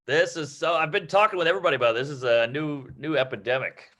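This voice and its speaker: A man talks through his joke-writing process in loose, profane chat. His voice is bright and sits a little high for a man, and he slips into quick put-on voices for the people he quotes. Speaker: comedy teacher. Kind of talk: casual comedy-writing chat.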